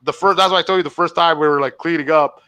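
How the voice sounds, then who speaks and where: A man rattles off rambling stories at a rapid clip, full of swearing. His voice is bright and forward. The sound is dry and close, with no room echo. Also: fairly high pitch, steady tone. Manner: rambling storyteller, swears a lot, laughs through stories. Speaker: podcast co-host. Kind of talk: casual comedy podcast chat. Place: Montreal.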